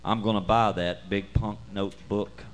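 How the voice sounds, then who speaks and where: A man's voice: fairly low pitch, steady tone, moderate pace, a little hiss or hum. A man emceeing a live music night on a bar stage, rambling and self-mocking through stage banter with chuckles. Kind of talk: casual joking stage banter.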